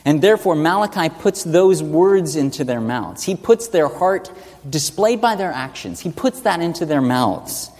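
A man's voice: a little high, lively intonation, moderate pace, a little mellow. A man preaching an expository sermon, teaching earnestly and asking rhetorical questions. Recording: long reverb of a large hall.

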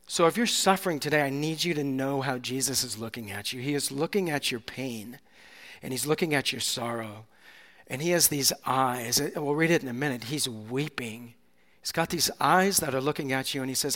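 A male pastor preaching a sermon with passion, swinging from soft, hushed moments to loud, climactic peaks. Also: medium pitch, moderate pace. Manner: impassioned, builds to loud climaxes, drops to soft near-whispers. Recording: long hall reverb.

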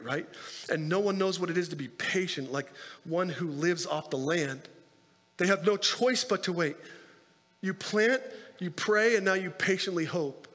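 Pastor, man, high-pitched, casual preaching style, recorded with a long reverb tail. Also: bright, forceful tone. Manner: conversational preaching with asides and rhetorical questions. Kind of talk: sermon.

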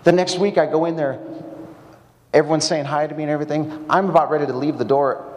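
A man's voice: fairly high pitch, fairly even intonation, fast, a little mellow, big-room sound. A male pastor giving a sermon, telling stories in a chatty way with wry asides. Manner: conversational storytelling with wry asides. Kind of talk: sermon at a seminar.

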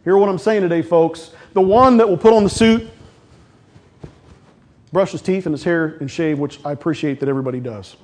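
A man's voice: on the high side, fairly quick, darkish tone. A middle-aged man preaching a sermon as pastor, talking conversationally, cracking jokes and acting out quotes.

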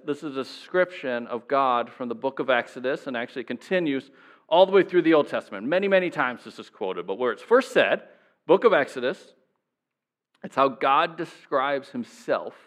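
A man's voice: medium pitch, fairly bright tone. A man preaching a sermon in a conversational way, chuckling now and then and voicing the people he quotes. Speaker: pastor.

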